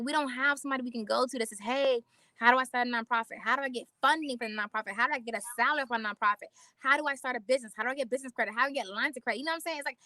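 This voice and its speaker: A woman talking straight to her viewers, animated and preachy, repeating lines for emphasis and calling them y'all and honey. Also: sits high, no echo, studio quality. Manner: casual slang, calls listeners y'all and honey. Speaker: host. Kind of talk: casual motivational talk to viewers.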